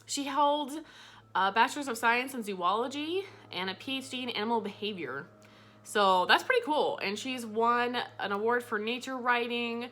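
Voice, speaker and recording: A young woman talks straight to her camera mic about books, animated, chatty and quick to swear. Her voice is bright and a little high, and she sounds like she is relaxing at home. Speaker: book vlogger. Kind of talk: casual chat to camera.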